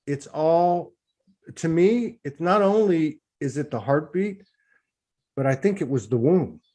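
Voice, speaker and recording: A man's voice: on the high side, lively intonation, measured pace, mellow. Man, host, casual spiritual chat, video call, rambling, repeated restarts.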